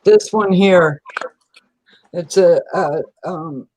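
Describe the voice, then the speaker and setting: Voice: medium pitch, darkish tone, rough recording. A person chatting casually on a livestream, rambling and silly. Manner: slow, rambling, silly, hums nonsense words.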